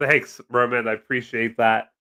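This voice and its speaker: This livestream host talks at normal speed in a medium-pitched, bright, forceful voice with little pitch movement. Sitting at his home desk surrounded by several monitors, he rambles, jokes, and responds to the chat as he reads it.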